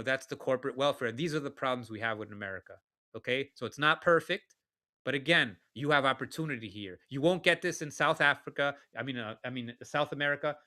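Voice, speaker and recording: A man's voice: mid-range voice, bright, forceful tone. A man co-hosting a talk show, ranting bluntly and cursing as he gives heated political commentary. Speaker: podcast co-host.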